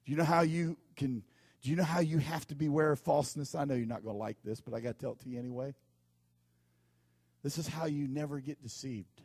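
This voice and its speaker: A man's voice: a little high, fairly even intonation, quick pace, darkish tone, slightly rough, no echo. A man preaching a sermon as pastor, telling folksy stories and repeating his warnings with emphasis.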